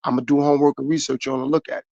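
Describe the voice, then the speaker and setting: Male podcast host, gravelly, fairly high pitch, motivational monologue. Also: level tone, rapid-fire, a little mellow, dry recording, dull audio. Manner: preachy, repetitive, talks straight to viewers.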